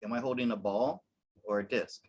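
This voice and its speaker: A man's voice: mid-range voice, a little fast, darkish tone. A man bantering on a livestream, teasing and wry. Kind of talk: casual banter.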